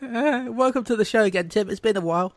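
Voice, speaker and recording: A man's voice: high voice, fast, slight background noise. A man hosting a casual podcast chat, rambling and joking loosely. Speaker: podcast host.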